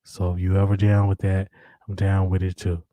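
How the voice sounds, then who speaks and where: A man putting on a deep, slow, seductive late-night voice as a smooth romantic man. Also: monotone, dark tone, no echo, lightly acted.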